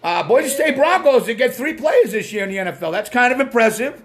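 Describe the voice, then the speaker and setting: Man, Boston accent, very high voice, live-stream host, casual rambling chat, blunt, swearing. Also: lively intonation, brisk. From Massachusetts. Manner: rambling, blunt, swears, greets viewers by name.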